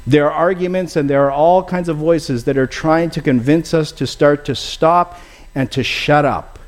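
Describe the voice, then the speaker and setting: A man preaching with an earnest, pleading manner, often turning to his listeners as friends. His voice sits a little higher than most men's. He moves from the sermon into a closing prayer without losing that fervour. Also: moderate pace.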